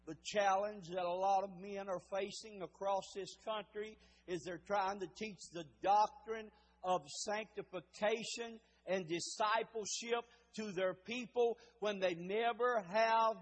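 High-voiced man preaching in a reverberant church. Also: fairly even intonation. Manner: rising to shouted emphasis, drawn-out words. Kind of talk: sermon. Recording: long hall reverb.

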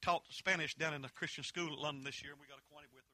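A man preaching a fervent holiness sermon, mixing folksy storytelling with loud emphatic peaks. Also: a little high, steady tone, racing.

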